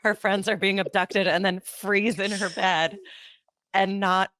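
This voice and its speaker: A woman hosting a podcast who chats casually and talks in excited, gushing bursts. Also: medium pitch, a little slow, no room sound, clean studio sound. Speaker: podcast host.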